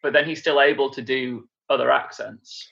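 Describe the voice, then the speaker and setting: A man's voice: medium pitch, fairly even intonation, normal speed, gravelly, fairly bright tone. A man co-hosting a casual film podcast, wry and joking. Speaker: podcast co-host. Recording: dull lo-fi mic.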